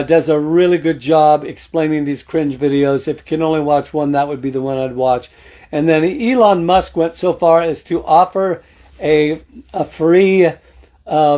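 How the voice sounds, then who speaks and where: A man's voice: fairly high pitch, dark tone. Sarcastic folksy male political host. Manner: folksy, sarcastic, greets viewers by name, says amen. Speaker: political commentary show host. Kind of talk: casual political commentary monologue.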